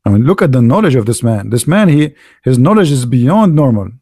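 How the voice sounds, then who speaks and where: A man's voice: medium pitch, big pitch swings, fairly quick, dark tone, husky, no echo, clean studio sound. A man hosting a polemical monologue, mocking as he talks, asking rhetorical questions and repeating words for emphasis. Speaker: channel host.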